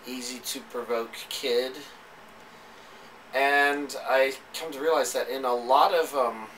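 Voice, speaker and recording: A man's voice: mid-range voice, fairly bright tone, distant mic, a little hiss or hum, low-quality recording. A man giving a casual, rambling spoken review, with hesitant speech full of fillers and restarts. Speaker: anime reviewer.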